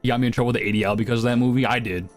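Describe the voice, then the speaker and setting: A young man streams live and talks back to his chat in a loose, crude, slang-heavy way. His voice sits at an ordinary middle pitch, and quiet music plays underneath. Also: steady tone, very fast. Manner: crude, provocative, slangy banter.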